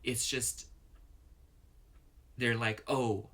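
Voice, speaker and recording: A man's voice: mid-range voice, moderate pace. A man giving a casual, rambling tarot reading to his viewers, full of "you know" and "like.". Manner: murmurs softly while shuffling and pulling cards. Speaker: tarot reader.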